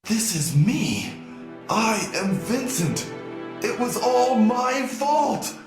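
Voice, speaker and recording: A male actor voicing a young man in a video game who protests his innocence in a flat, stiff read. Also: very high voice, very slow, heavily acted. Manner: flat, stiff line reading. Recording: echoey game audio with music.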